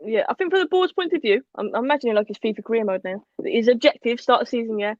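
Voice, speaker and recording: A woman co-hosting a casual live football talk show, chatty and animated, reading out viewer comments. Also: a little high, fast talker, no echo, muffled recording. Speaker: podcast co-host.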